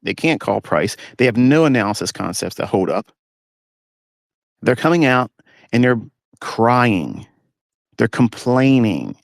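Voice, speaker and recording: A man's voice: medium pitch, very animated, unhurried, gravelly, long pauses, no room sound, clean studio sound. A man giving a blunt, ranting lecture as a trading educator in a live audio-room monologue, talking from inside a parked pickup truck.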